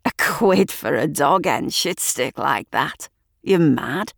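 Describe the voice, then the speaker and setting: A woman voicing a hoarse, scrounging man who wheedles for a cigarette in a storybook reading. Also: low-pitched, expressive, slow pace, no echo, studio quality, full character voice. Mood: wheedling. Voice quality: hoarse, rough. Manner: wheedling, cadging.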